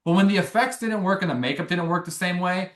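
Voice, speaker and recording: A young man, a filmmaker guest, telling a long story in a rambling, animated way with many restarts. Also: high-pitched, fast, roomy sound. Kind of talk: casual interview storytelling.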